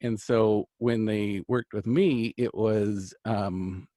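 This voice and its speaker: A man's voice: on the low side, fairly even intonation, slow pace, dark tone, dry recording. A middle-aged man telling a long personal story in an earnest, rambling way, full of fillers and restarts. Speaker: host, angel card reader and healer. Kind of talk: casual storytelling chat.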